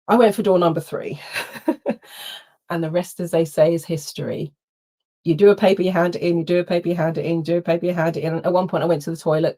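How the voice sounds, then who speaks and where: A middle-aged woman, telling a personal story in an animated way, acting out quotes and laughing often. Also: fairly low pitch. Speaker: workshop host. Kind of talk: storytelling talk.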